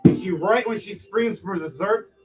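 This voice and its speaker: A man narrating as game master for a tabletop game, dramatic and animated. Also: high-pitched, moderate pace, over loud music, poor audio.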